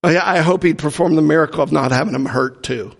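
Man, pastor, slightly high gravelly voice, jokey storytelling sermon, long hall echo. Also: quick pace. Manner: humorous storytelling, acts out quoted voices. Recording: long reverb from a large hall.

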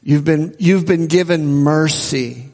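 A man's voice: fairly high pitch, slow pace, dark tone, in a large hall. A man preaching a sermon as a pastor, earnestly repeating phrases for emphasis.

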